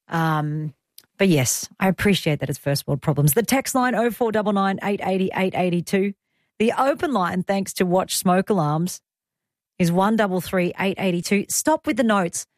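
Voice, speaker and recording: A woman's voice: lowish voice, a little mellow, dry recording, clean studio sound. Chatty Australian woman radio host. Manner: chatty, rambling, laughs easily. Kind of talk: casual radio chat. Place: radio studio.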